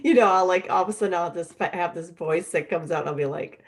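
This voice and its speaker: A middle-aged woman hosting a podcast, talking in a relaxed, chatty way with lots of fillers. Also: lowish voice, fast talker. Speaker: podcast host. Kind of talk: casual conversational chat.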